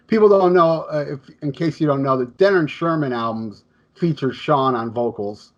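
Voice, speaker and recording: A man hosting a relaxed interview, his questions looping through plenty of fillers before they land. His voice sits a bit higher than most men's. The recording sounds dull and lo-fi. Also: normal speed. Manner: loose, filler-heavy, lots of "you know, I mean". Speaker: podcast host. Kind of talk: casual interview chat.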